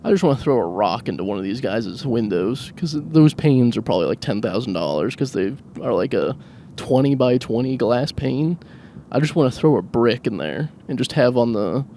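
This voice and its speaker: A man talks to himself while he drives, hosting a loose solo podcast. He wanders from one odd thought to the next and makes fun of himself as he goes. His voice sits at an ordinary middle pitch, with a faint hum from the car behind it. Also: lively intonation, brisk, vocal fry, dark tone. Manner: rambling, self-mocking, laughs at his own jokes. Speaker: podcast host. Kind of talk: solo rambling comedic monologue. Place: inside a car, driving.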